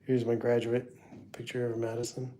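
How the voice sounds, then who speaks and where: A man's voice: medium pitch, completely flat delivery, moderate pace, mellow, a little hiss or hum. A middle-aged man hosting a casual livestream, rambling through family photos and chatting to viewers by name. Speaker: livestream host.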